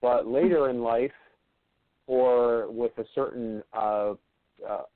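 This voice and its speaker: A man hosting a radio interview, reflecting back on what his guest said in a slow, thoughtful way with hesitant fillers. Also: medium pitch, steady tone, no echo. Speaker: radio show host. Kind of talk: interview conversation. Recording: tinny phone-like, dry.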